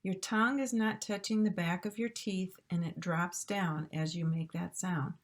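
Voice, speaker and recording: A woman's voice: lowish voice, fairly even intonation, normal speed. A woman teaching English pronunciation, modeling sounds carefully and repeating drill words. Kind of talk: slow instructional pronunciation lesson.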